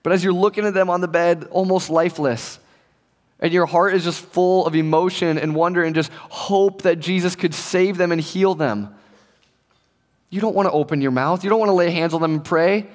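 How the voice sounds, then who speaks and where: A man's voice: sits high, normal speed. Casual young man preaching in a hall. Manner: conversational, joking, acts out quoted voices. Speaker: pastor. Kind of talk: casual sermon to young people.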